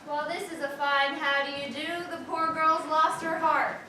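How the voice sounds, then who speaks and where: A woman's voice: high-pitched, little pitch movement, moderate pace, bright, forceful tone. A young woman acting the lead in a school stage play, talking theatrically. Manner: theatrical, exclaiming. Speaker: student actor playing Kate. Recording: echoey hall, far from mic, noisy.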